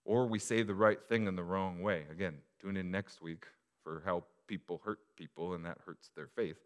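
A male pastor preaching a sermon to his church, moving from quiet reflection to loud, emphatic appeals. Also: low-pitched, steady tone, normal speed, clear, resonant tone.

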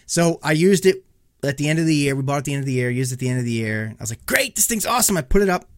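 A man's voice: mid-range voice, very fast, no room sound, clean studio sound. A man co-hosting a casual podcast chat, telling stories with a lot of swearing and acting out his own angry outbursts. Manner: profane animated storytelling, acts out his own rage. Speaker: podcast co-host.

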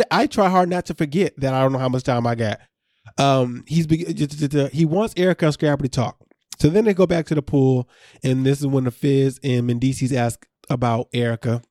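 A man's voice: mid-range voice, a little mellow, dry recording, studio quality. A man co-hosting a podcast, recapping a reality show in loose casual chat and laughing often.

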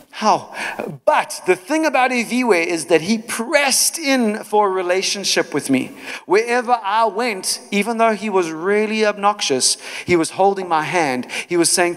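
Guy preaching, lively storytelling, kinda high voice, echoey church hall. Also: unhurried. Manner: animated, vivid storytelling with many asides. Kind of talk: storytelling sermon. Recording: long hall reverb.

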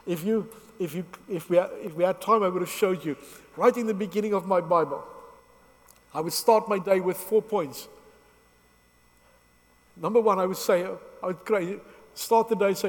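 An emotional male preacher with a high voice delivers a sermon in an earnest, halting way, often breaking off and restarting his sentences. His voice carries a long reverb, as if recorded in a large hall.

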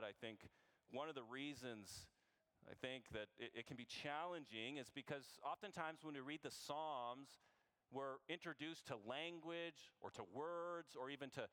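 A man's voice: fairly high pitch, fairly bright tone. Earnest conversational male preacher. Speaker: pastor. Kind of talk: sermon.

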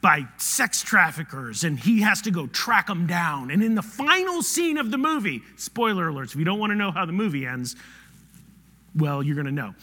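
Animated preacher in a reverberant hall. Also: male voice, high voice, normal speed, slightly rough. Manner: animated, swings from loud to hushed. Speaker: pastor. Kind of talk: sermon.

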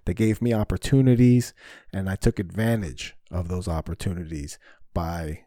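Man, deep voice, mellow tone, dry close sound, swearing a lot, solo podcast monologue. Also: steady tone, moderate pace, no echo. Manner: profane, frustrated rambling with frequent swearing; candid, self-reflective. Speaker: podcast host.

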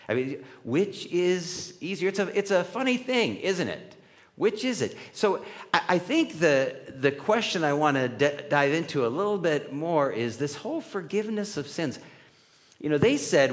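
A man preaching a sermon in a conversational way, often checking in with the room with "right?". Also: on the high side. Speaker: pastor. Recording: reverberant hall.

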